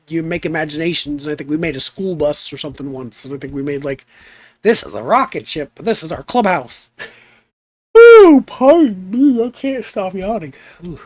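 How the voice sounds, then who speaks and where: A young man chatting in a relaxed, rambling way while streaming a game, trailing off into asides. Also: a little high, dry recording. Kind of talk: relaxed live stream chat.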